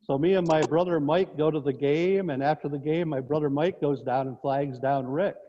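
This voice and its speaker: Coach telling rambling stories, dull lo-fi sound. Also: male voice, on the high side, moderate pace, warm tone. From northern New York. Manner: rambling anecdotes with restarts, chuckling. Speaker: guest, former basketball coach. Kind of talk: casual storytelling on a sports talk show. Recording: dull lo-fi audio in a reverberant space.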